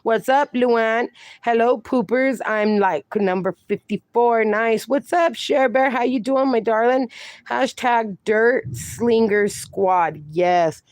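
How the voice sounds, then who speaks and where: A woman's voice: on the high side, takes it slowly, darkish tone, no room sound. Chatty woman hosting a phone livestream. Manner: chatty, affectionate, calls viewers darling and honey. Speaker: livestream host. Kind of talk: casual livestream chat, reading chat aloud.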